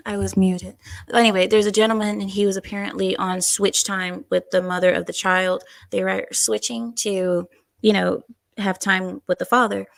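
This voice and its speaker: A woman hosting a livestream, chatting casually and reading out viewer comments in an animated, talkative way. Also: mid-range voice, normal speed, creaky, no echo. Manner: chatty, animated, breaks into silly voices and laughs. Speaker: livestream host.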